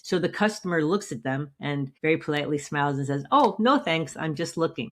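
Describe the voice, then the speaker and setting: A woman hosts a retail podcast in a low, full voice. She talks with bright energy, laughs often and acts out what shop staff say. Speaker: podcast host, retail coach. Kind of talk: podcast monologue.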